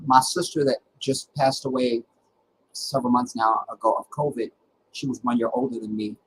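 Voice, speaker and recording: A middle-aged man with a voice of ordinary pitch, hosting his own livestream and telling stories from his life. He talks in an animated, dramatic way and often stops and restarts a thought. Faint noise sits under his voice. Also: moderate pace, poor audio. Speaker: livestream host. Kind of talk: casual personal storytelling.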